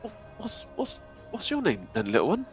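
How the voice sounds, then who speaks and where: A man's voice: fairly high pitch, huge pitch swings, moderate pace, lo-fi sound, faint music behind, pitched above the performer's own voice. A man voicing a small, curious male gnome scientist who talks in a hesitant, stammering, kindly way.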